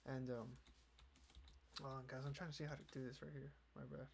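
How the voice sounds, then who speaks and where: A man's voice: mid-range voice, level tone, a little fast, gravelly. A young man hosting a casual podcast, rambling and swearing, with "you know" in nearly every line. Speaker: podcast host. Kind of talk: casual chat. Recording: keyboard clicks and noise behind.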